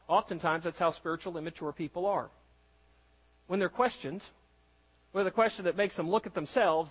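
A middle-aged male pastor preaching with a notably high voice. He talks in a loose, conversational way, with plenty of rhetorical questions and phrases that he restarts partway through. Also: fairly bright tone, rough recording. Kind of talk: sermon.

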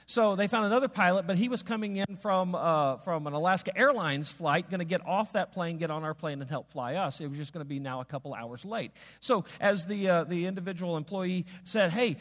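In a church sanctuary, a pastor with a high-pitched, fairly bright voice tells a story during his sermon, talking a little fast with hardly any pauses. His delivery is conversational, full of asides, fillers, and restarts, and the recording carries the long reverb of a large hall.

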